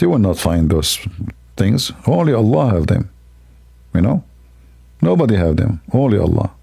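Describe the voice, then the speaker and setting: A man's voice: deep voice, vocal fry, a little mellow, breathy edge. A man hosting a livestream, talking in a sarcastic, rambling, mock-admiring way. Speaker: livestream host. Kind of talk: mocking livestream commentary.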